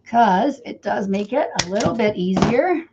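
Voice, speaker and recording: A woman's voice: medium pitch, expressive, measured pace, noisy background. A friendly, talkative middle-aged woman from Canada walks viewers through making a wreath on a live stream. She greets commenters by name between steps. The sound is a little dull and lo-fi, like a webcam mic. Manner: chatty, talks to viewers by name while working. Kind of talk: casual live-stream crafting demo.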